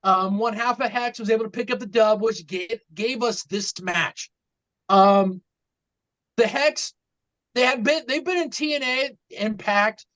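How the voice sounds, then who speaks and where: A woman's voice: on the high side, unhurried, fairly bright tone, low-quality recording. A woman co-hosting a casual podcast, recapping matches with a hesitant manner, full of ums and restarts. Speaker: podcast co-host.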